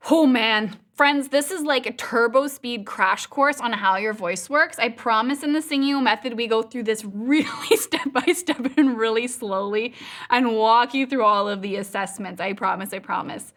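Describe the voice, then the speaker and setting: A woman's voice: on the high side, moderate pace, fairly bright tone. A woman teaching a live online singing lesson, upbeat and playful, showing exercises with sung sounds over a video call. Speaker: vocal coach.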